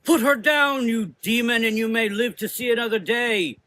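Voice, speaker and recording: Gothic audio drama: male reader playing an older matron commander, high and shouting. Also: normal speed, a little hiss or hum, natural voice. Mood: commanding. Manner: commanding, barking orders. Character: stern older woman leader of armed sisters.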